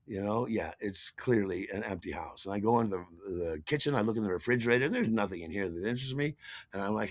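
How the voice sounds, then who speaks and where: A man's voice: lowish voice, expressive, quick pace, no echo. A man telling a comic, self-mocking personal story, acting out the scenes. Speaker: podcast host.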